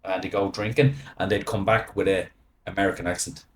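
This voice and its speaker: A middle-aged Irish man, a podcast guest, talking in a rambling, animated way, often checking in with "right?" and "you know". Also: deep voice, fairly quick, a little hiss or hum. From Ireland. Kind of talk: casual podcast chat.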